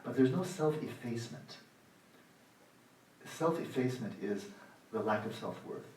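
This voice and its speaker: A man in his sixties giving a dharma talk at a meditation retreat, sarcastic and animated, acting out the inner voices of his students. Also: mid-range voice, measured pace, slight background noise. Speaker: meditation teacher. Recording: roomy hall, voice from the mic's distance.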